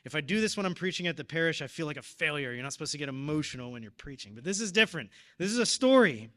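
A man's voice: on the high side, expressive, racing, bright, forceful tone. A man in his thirties preaching, telling a personal story in an earnest, emotional way. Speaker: deacon or preacher at a parish. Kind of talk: personal testimony in a sermon.

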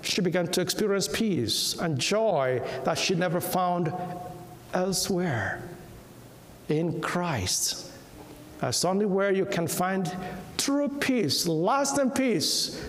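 Male preacher, high and very expressive voice, slow deliberate delivery, long hall reverb. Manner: slow, emphatic, repeats key words; softens to a hush when quoting. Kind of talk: sermon.

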